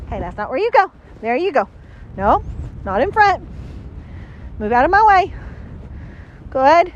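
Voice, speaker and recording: A woman's voice: high-pitched, very animated, a little slow, pauses often, dull audio, slight background noise. A woman dog trainer recorded outdoors, talking casually through a training session and giving a dog lots of upbeat praise. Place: outdoors, cold and windy.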